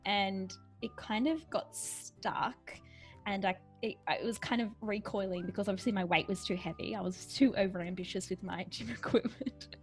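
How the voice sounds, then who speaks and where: A woman's voice: medium pitch, moderate pace, faint music behind. A young woman co-hosting a podcast, telling stories in a chatty, self-mocking way and laughing often. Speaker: podcast co-host. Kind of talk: casual chat.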